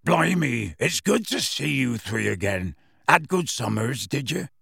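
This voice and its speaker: A huge, gruff giant of a groundskeeper, gravelly and a little husky, as a male audiobook reader puts him on. His gruff, dismissive voice leaps around in pitch. The sound is dry and close. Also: big pitch swings, measured pace, a bit bright, no echo, exaggerated voice. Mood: hearty.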